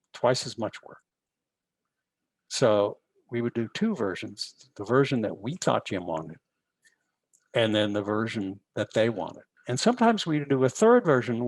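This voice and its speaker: A man's voice: fairly low pitch, a little mellow, dry recording, poor audio. A man, a visual effects supervisor, telling stories from film work in a webinar and acting out the exchanges he quotes. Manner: storytelling, acts out quoted exchanges. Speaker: VFX supervisor giving a webinar. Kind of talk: anecdotal lecture. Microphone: video call.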